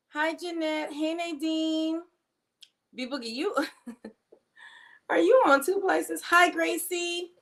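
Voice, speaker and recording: A middle-aged woman, hosting a casual livestream and warmly greeting viewers by name. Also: sits high. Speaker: livestream host.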